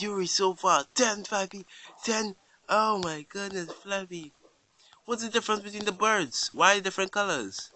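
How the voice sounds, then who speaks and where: A man hosting casual gameplay commentary, excitable, chatting to the game character and crying out in dismay. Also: high voice, normal speed, a little hiss or hum. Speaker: gaming channel host.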